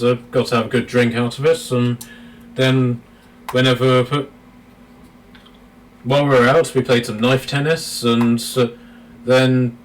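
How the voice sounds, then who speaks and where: A man voicing a chatty, rambling prisoner who tells his story in halting bits, heard a little off-mic. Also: medium pitch, close to an everyday voice. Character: jailed carousing prisoner, chatty. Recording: distant mic, faint noise.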